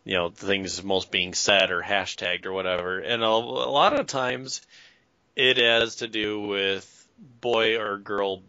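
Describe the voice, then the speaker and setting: Low-voiced blunt man, bright edge. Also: measured pace, dry recording. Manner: blunt, rambling, swears. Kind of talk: casual chat. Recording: dull dry lo-fi sound.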